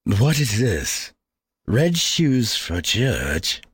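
A man's voice: fairly low pitch, big pitch swings, extremely slow, slightly rough, no echo, studio quality, full character voice. A man playing a sly, kindly old soldier who talks in teasing riddles. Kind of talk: amateur play reading.

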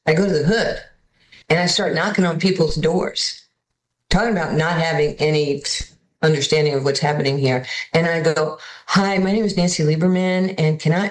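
A woman, telling stories casually as a guest and acting out the voices of the people she quotes. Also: fairly low pitch. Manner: animated, acts out voices in quotes. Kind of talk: casual storytelling. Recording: echoey room.

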